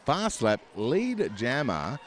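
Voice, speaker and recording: A man's voice: mid-range voice, wildly swooping pitch, takes it slowly, slight background noise. A man with an Australian accent doing live commentary on a roller derby bout, chatty and rambling, with plenty of fillers and self-deprecating asides. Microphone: headset.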